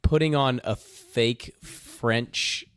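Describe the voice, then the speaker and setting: A man's voice: medium pitch, very slow, clear, resonant tone, no echo, studio quality. A man co-hosting a podcast, chatting animatedly, swearing and acting out lines from a film. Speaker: podcast co-host. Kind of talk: casual chat.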